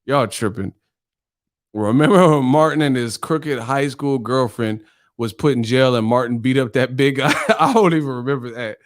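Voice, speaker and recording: A man's voice: medium pitch, moderate pace. A male channel host in a casual live-stream chat, telling stories animatedly and laughing often.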